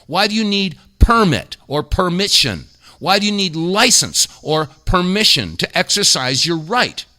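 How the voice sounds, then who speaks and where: A man's voice: high-pitched, sing-song, unhurried, bright, forceful tone. A man hosting a talk radio show, delivering indignant, emphatic commentary full of rhetorical questions. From United States.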